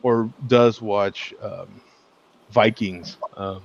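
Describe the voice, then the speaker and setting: A man's voice: lowish voice, drawn-out words, gravelly, dull audio. A man hosting a casual chat over beers on a video call, laughing often as he tells stories. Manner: laughs often, animated storytelling. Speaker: host.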